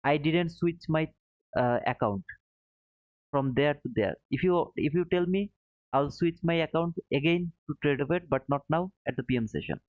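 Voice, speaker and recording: A man's voice: on the high side, normal speed, no echo. A man hosting a live trading stream, talking to his viewers in an apologetic, self-critical way, often restarting his sentences. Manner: apologetic, self-critical, frequent restarts, non-native phrasing. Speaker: livestream trading host. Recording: dry, tinny phone-like sound.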